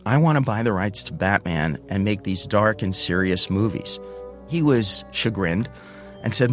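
A man in his sixties telling a personal story, animated and acting out the voices of the people in it. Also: fairly low pitch, normal speed, faint music behind.

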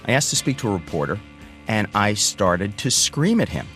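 An older American man recounts his own story at a moderate pace in a low-ish voice, full of animated energy and slipping into the voices of people he quotes. Guitar music plays clearly beneath him.

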